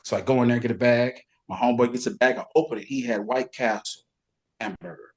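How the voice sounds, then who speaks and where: A middle-aged man, a guest bodybuilder, telling lively backstage stories and imitating other people's voices in casual chat. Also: mid-range voice, fast. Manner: animated storyteller, does voices of others. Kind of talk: casual storytelling.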